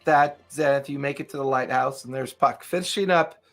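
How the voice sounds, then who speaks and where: A man's voice: mid-range voice, a little fast, a bit bright, faint music behind. A man acting as game master, narrating a tabletop game loosely with many fillers.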